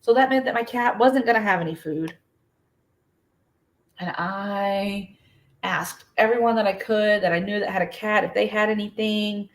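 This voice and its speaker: A woman's voice: medium pitch, normal speed. Chatty American woman hosting a livestream. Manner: chatty storyteller, many fillers, greets viewers by name. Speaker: crochet livestream host. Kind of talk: casual livestream chat.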